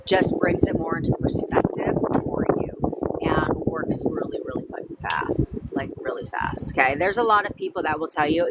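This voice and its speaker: A woman's voice: sits low, wildly swooping pitch, moderate pace, background noise. Chatty woman hosting a live stream. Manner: chatty, answers viewers by name, repeats phrases, swears casually. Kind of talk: casual live-stream chat.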